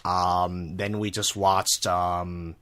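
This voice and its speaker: A podcast co-host in casual chat, talking in an unhurried way with halting fillers and bursts of laughter. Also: low voice, little pitch movement, a bit bright.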